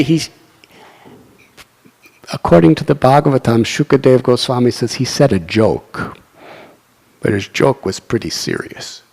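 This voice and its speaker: A man, a monk teaching scripture, giving an earnest devotional sermon in a soft, fervent storytelling manner. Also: medium pitch, animated, a little slow, pauses often. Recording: echoey hall.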